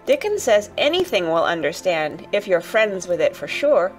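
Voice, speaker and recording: A woman's voice: mid-range voice, very animated, normal speed, faint music behind, close to an everyday voice. A woman voicing a stubborn little girl who speaks broad Yorkshire in a playful, proud and teasing way.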